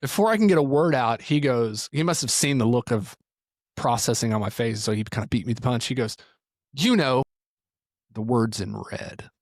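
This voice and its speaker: A man's voice: mid-range voice, brisk, dry recording, studio quality. A man who is a pastor and ministry teacher, telling stories in a podcast conversation and acting out what people said. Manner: animated storyteller acting out quotes.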